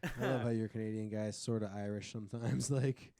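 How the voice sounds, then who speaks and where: A man on a comedy podcast, laid-back and deadpan, sounding unbothered by everything. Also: lowish voice, brisk, no echo, clean studio sound. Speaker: podcast co-host. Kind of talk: casual comedy podcast banter.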